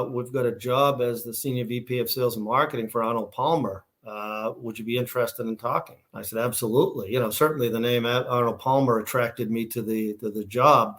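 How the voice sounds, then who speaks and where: A middle-aged man from Massachusetts with a Boston accent, telling stories as a company founder in a casual interview, rambling with fillers and restarts. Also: mid-range voice. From Massachusetts, USA. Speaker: guest, shoe company founder.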